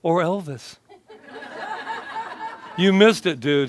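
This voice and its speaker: Playful minister giving a chatty sermon. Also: male voice, fairly high pitch, measured pace, noisy background. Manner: playful, chatty, laughing often. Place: church sanctuary.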